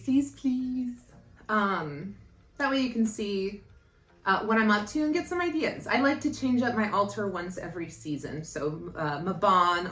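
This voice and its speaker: A woman's voice: mid-range voice, a bit bright, reverberant. A young woman hosting a casual vlog, bubbly and chatty, drifting into tangents and correcting herself. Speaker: yoga and witchcraft YouTuber.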